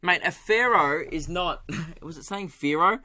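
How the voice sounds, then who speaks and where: A young Australian man hosting a solo comedy podcast, animated, swearing and laughing as he tells stories. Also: on the high side, unhurried. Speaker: podcast host.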